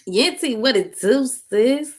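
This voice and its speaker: A woman's voice: high voice, animated, slow pace. A tired woman chatting casually with viewers on a live stream, eating snacks as she talks and calling them girl and sis. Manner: eating snacks while talking. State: tired after work.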